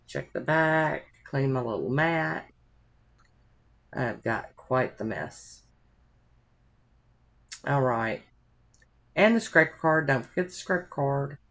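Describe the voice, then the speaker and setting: A woman's voice: extremely low pitch, expressive, slow, creaky, long pauses. A woman narrating a nail art tutorial in a chatty, rambling way, with homey asides to her viewers.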